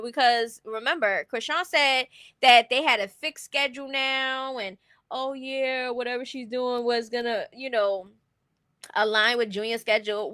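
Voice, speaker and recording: Blunt, bright-voiced woman streamer. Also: high-pitched, dry recording, studio quality. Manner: blunt, opinionated, laughs while talking. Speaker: commentary streamer. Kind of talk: casual livestream commentary.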